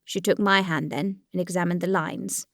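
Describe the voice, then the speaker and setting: A woman reading the part of a troubled young man full of doubt, speaking haltingly and uneasily. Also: lowish voice, steady tone, dry recording, clean studio sound, close to an everyday voice. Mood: musing. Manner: halting, uneasy inner speech.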